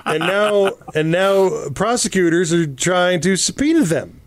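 A man's voice: high-pitched, lively intonation, unhurried, dry recording. A man co-hosting a casual political talk show, reading news items aloud and adding sarcastic asides. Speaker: podcast co-host.

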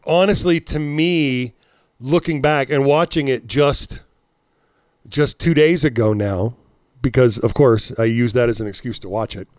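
With a medium-pitched, darkish voice at a measured pace, a podcast co-host in his forties swaps casual stories, laughing, cursing, and wandering off track. The studio sound is clean, with no room sound.

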